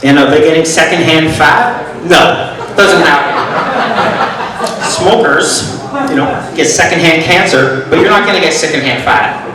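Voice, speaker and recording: Middle-aged man doing stand-up, self-deprecating and deadpan, on a mic set back in a very echoey club. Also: on the high side, unhurried, a crowd in the background. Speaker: stand-up comedian. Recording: echoey room, mic from far off.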